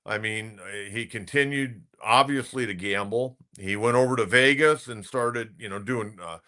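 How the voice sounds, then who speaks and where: A man's voice: medium pitch, normal speed, bright, forceful tone. A middle-aged man, a sports talk radio host, telling a rambling baseball anecdote in casual commentary.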